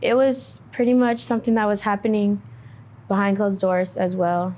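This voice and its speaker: Woman interviewee, dark mellow tone, monotone, halting testimony. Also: mid-range voice, slight background noise. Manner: halting, many fillers, quiet and subdued. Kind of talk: personal testimony.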